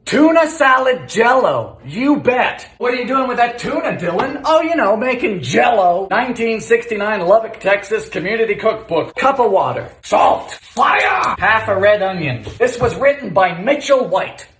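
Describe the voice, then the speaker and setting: A man cooks in his home kitchen and quips his way through the recipe, dry and sarcastic one moment and yelling the next ingredient the next. His pitch swings all over, and the room rings with a bright, echoey bounce. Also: normal speed, hardly any pauses. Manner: sarcastic, deadpan one-liners with sudden shouted ingredient calls. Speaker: host of a cooking video. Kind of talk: comedic vintage-recipe cooking vlog.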